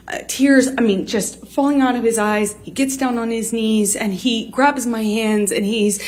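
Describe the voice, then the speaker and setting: Halting woman giving court testimony. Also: fairly high pitch, a little mellow. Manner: halting, many restarts and fillers.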